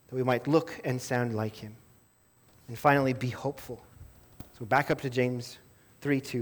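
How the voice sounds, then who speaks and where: A man preaching a sermon as pastor, earnest, rising to emphatic stress and then dropping low and soft.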